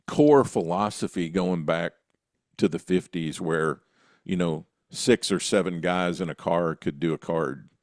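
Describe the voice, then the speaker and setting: Low-voiced dude podcasting, dry sound, chatty and easygoing. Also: male voice, unhurried, darkish tone, dry recording. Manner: conversational, raises questions and recaps history. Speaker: co-host of a wrestling history show. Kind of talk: casual podcast discussion.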